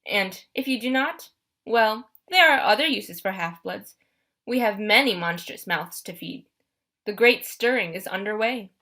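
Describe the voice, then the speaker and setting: In an audiobook, a woman puts on a menacing male monster who sneers at children with stiff, formal menace. The voice is bright and pointed, and it swings through a wide pitch range. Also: expressive, unhurried. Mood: taunting. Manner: cold, formal, mocking. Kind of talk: audiobook character voice.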